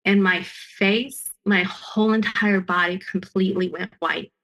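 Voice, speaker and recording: A woman with a bright, forceful voice recounts her own experience. She speaks earnestly and emphatically and often breaks off and restarts her sentences. Her pitch sits in a middle range for a woman. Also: steady tone, a little slow, dull audio. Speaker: guest sharing her story. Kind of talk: personal storytelling.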